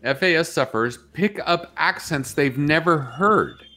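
A man's voice: on the high side, lively intonation, measured pace, sharp tone. A male co-host reading oddball lists aloud on a casual morning show, amused and stumbling over his words now and then.

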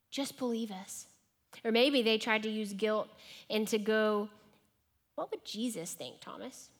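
Woman preaching a sermon. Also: mid-range voice. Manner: acts out imagined dialogue, dropping to a hush for emphasis.

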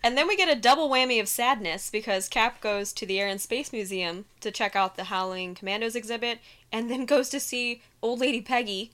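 A woman's voice: on the high side, a little fast, fairly bright tone. A woman co-hosting a casual podcast, recapping a film with enthusiasm, laughing and swearing freely. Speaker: podcast co-host.

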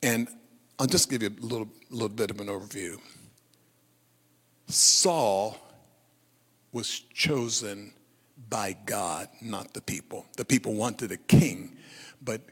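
A male pastor preaching a sermon, telling the story in a lively way and calling on the congregation to repeat phrases. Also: lowish voice, slow pace, pauses often, slightly rough, long reverb tail.

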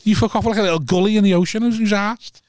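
A man's voice: high-pitched, fairly even intonation, fast talker, darkish tone, dry recording. A male comedian from North West England telling self-mocking stories about gigs, laughing often. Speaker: comedian guest. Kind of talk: casual comedians' chat.

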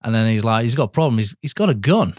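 A man's voice: mid-range voice, quick pace, no echo, studio quality. A young man casually recapping a film plot on a podcast, swearing and laughing often. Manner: animated, swearing, laughs often, acts out lines. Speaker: podcast co-host.

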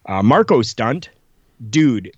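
A man tells stories at a lively clip and acts out what other people said, his voice jumping up when he quotes them. The sound is dull and lo-fi with a dry, close feel. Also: mid-range voice, slow pace, husky, no echo. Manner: animated storyteller, acts out quotes. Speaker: podcast guest telling stories. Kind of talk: casual chat.

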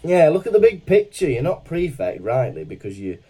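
A man's voice: fairly high pitch, very animated, moderate pace, mellow, slightly rough. A man co-hosting a podcast in casual chat, playful and teasing, laughing often. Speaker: podcast co-host.

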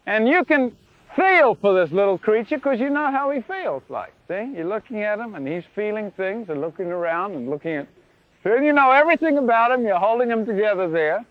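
A man preaching a sermon in an animated, playful way, with sound effects, in a lo-fi recording. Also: high-pitched, no echo.

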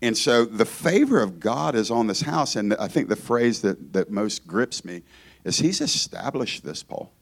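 A man's voice: fairly low pitch, big pitch swings, a little slow, creaky. A man from Georgia preaching as a guest in a church, conversational and joking, often breaking off to restart his thoughts. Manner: conversational, joking, self-interrupting. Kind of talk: informal sermon.

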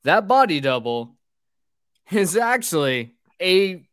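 Man, podcast host, animated recap, swears freely, bouncy pitch, dry close sound. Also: moderate pace, dry recording. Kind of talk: drunk movie recap podcast.

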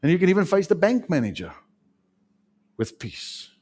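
A man preaching a sermon, swinging between loud emphatic lines and hushed ones. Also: high voice, huge pitch swings, racing.

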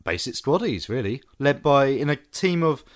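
Lively male podcast co-host, dry humour, casual film chat. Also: medium pitch, normal speed.

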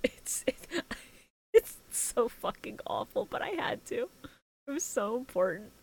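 A woman co-hosting a casual podcast, profane and excitable, laughing often. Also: a little high, measured pace, gravelly, slightly rough. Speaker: podcast co-host. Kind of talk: casual chat.

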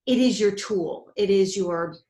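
A woman's voice: medium pitch, a little slow, mellow. A woman hosting a podcast interview, asking questions in an admiring way. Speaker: podcast host. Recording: roomy echo.

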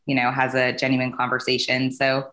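A woman's voice: very deep voice, monotone, moderate pace, fairly bright tone, roomy sound. A woman from California, a company CEO, chatting as a podcast guest in a rambling way with many fillers. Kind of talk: casual interview chat.

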